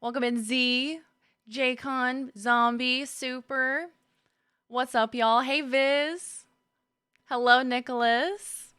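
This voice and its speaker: A woman's voice: sits high, fairly even intonation, very slow, sharp tone, clear, resonant tone, no echo, clean studio sound. A young woman streaming a game, chatting casually with viewers, greeting them by name and laughing often. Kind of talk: casual live-stream chat.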